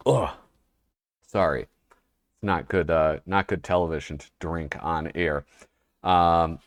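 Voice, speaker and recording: A man's voice: sits low, measured pace, no room sound. A man hosting a casual show, flipping through an old humor magazine and reading the panels aloud with a wry, rambling manner. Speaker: host.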